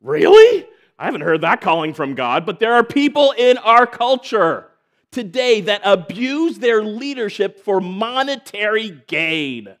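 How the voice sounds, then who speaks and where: A man's voice: sits high, sing-song, measured pace, fairly bright tone. A man preaching a sermon as a church elder, in a conversational way with joking asides.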